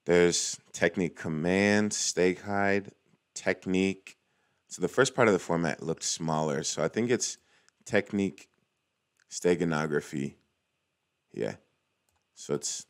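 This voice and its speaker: A man's voice: sits low, slow, pauses often, clean tone. A young man hosting a casual screen-recorded walkthrough, chatty and cheering small wins as he goes. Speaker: cybersecurity tutorial host.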